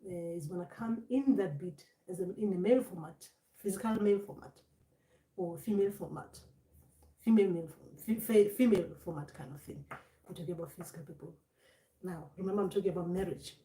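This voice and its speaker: A woman's voice: lowish voice, brisk, dark tone, recorded from a distance. A woman giving an informal spiritual talk, rambling and restarting her words often as she explains her point. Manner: rambling, repeats and restarts words, acts out voices. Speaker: spiritual teacher. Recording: echoey room, voice away from mic.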